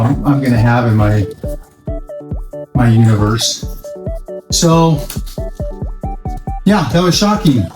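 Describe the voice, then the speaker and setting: Man, workshop vlog host, chatty and self-amused, echoey room, faint music behind. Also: mid-range voice. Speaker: toy-scrap model builder, channel host. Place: home workshop at a workbench.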